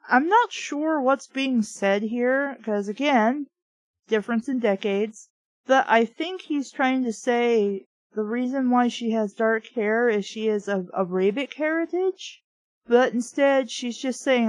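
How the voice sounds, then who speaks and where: A woman's voice: a little high, slow pace, dry recording, rough recording. A woman reviewing a book by reading it aloud, breaking off for wry, sarcastic asides. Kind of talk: reading aloud with comic commentary.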